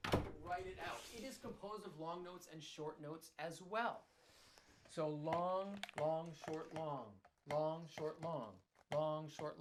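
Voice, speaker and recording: A man's voice: on the high side, background noise. A man teaching a drum clinic in a studio, wearing a mic and scatting rhythms with syllables as he explains. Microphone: wearing a microphone.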